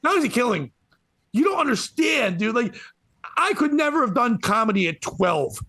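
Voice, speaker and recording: A man in his forties with a notably high voice tells a story on a podcast, growing excited and laughing through his own lines. The sound is close and dry, with no room around him. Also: normal speed, no room sound. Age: 40s. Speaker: comedian guest.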